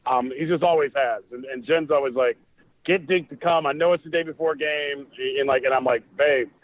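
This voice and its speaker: Slightly high-voiced man on a tinny line. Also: a little fast. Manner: rambling, conversational, jokey asides. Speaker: podcast co-host. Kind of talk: casual chat. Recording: dry, tinny phone-like line.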